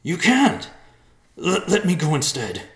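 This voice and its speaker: A man voicing a young male bear son who shouts and pleads desperately. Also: a little high, huge pitch swings, slow pace, roomy sound, voice pushed up, exaggerated voice. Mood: frantic.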